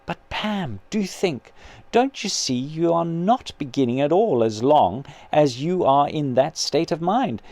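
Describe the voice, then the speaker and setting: A man reading aloud as a patient male spirit who gently and earnestly persuades his grieving sister. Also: on the high side, measured pace, no room sound. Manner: calm, kindly, earnest persuasion.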